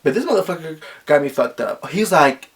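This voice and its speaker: A young man telling a story casually, animated and gossipy, filling his talk with "like" and acting out the quotes loudly. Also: brisk. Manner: animated, acts out quotes with sharp jumps in pitch and volume; gossipy, frequent "like" fillers. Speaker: vlogger.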